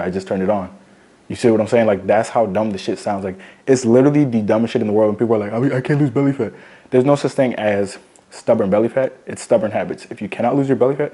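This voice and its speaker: A man's voice: lowish voice, mellow, husky. A man ranting bluntly to camera as a fitness coach, profane and emphatic, repeating his points for stress. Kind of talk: blunt motivational rant to camera.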